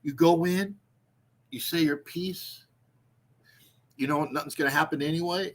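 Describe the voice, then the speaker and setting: A man hosting a show in a profane comedic rant, swinging into shouted bursts and drawn-out emphasis. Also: on the high side, steady tone. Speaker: show host. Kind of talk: ranting comedic monologue.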